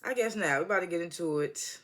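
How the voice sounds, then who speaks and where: A bright, forceful voice from an American vlogger, talking straight into a phone mic indoors. The delivery is loose and rambling, heavy on slang, asides and quick self-corrections, like an off-the-cuff episode review. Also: medium pitch. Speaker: TV show reviewer. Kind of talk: casual rambling video review.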